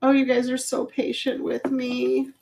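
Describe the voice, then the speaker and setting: This middle-aged live jewelry auction host keeps the selling chat casual, rambling and chuckling self-deprecatingly at her blunders. Her voice sits high yet sounds gravelly and darkish, delivered in an unhurried monotone.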